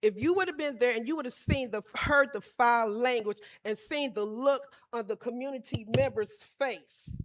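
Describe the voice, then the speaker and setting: A woman addressing a school board during public comment, her tone insistent and pleading. Her voice is slightly high. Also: moderate pace, few pauses. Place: school board meeting room.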